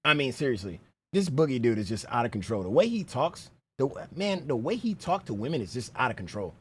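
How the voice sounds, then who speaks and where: Animated streamer man, lively pitch. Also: fairly quick, a little hiss or hum. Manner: animated, talks straight to the viewer, repeats "bro". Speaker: reaction streamer. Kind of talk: casual commentary reacting to clips.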